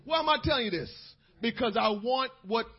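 A man with a strikingly high, husky voice preaches a sermon with fervor, dropping to a soft storytelling tone and then rising to shouts. His talk is full of "uh"s and repeated words. The recording sounds dull and lo-fi. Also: lively intonation. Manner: fills pauses with "uh", repeats words.

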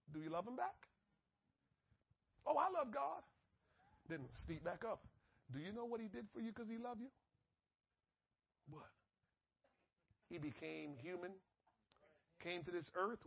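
A male preacher giving a sermon, swinging between loud exhortation and hushed asides, on a dull lo-fi recording. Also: high-pitched, slightly rough.

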